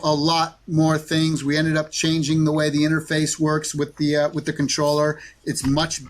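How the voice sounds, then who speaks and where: A man's voice: on the high side, monotone, moderate pace, slight background noise. A man answering interview questions in a rambling, defensive way with many fillers. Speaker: interview guest.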